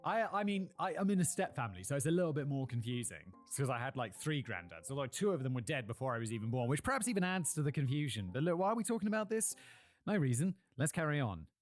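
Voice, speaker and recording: A British man talks history in a loose, joking way and keeps drifting into playful tangents about himself. His voice sits at an ordinary middle pitch. Faint music plays softly underneath. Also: big pitch swings, quick pace. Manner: playful, rambling jokey asides. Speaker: host. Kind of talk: casual history talk.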